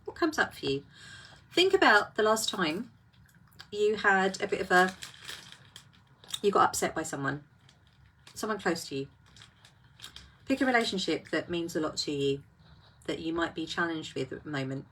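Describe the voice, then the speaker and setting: A woman's voice: fairly low pitch, sing-song, normal speed, pauses often, fairly bright tone, a little hiss or hum. A woman hosting a casual live talk, reflective and full of rhetorical questions.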